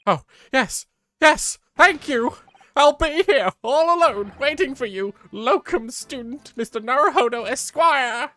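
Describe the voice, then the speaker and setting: Game read: British man voicing a distressed young foreign student, strained and high, bright and tense. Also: animated, unhurried, no echo, exaggerated voice. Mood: overjoyed. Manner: high-pitched, freaked out.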